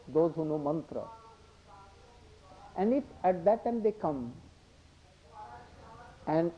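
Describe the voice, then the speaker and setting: An older man giving a devotional discourse, halting and repetitive, slipping into Hindi asides. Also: high voice. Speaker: religious speaker. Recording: dull lo-fi recording.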